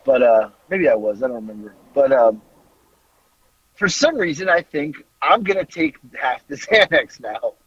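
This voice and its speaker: Lively husky man telling a wild story. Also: medium pitch, moderate pace, dry recording, highs cut off. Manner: animated, laughing, swearing freely. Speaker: podcast host. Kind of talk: casual storytelling.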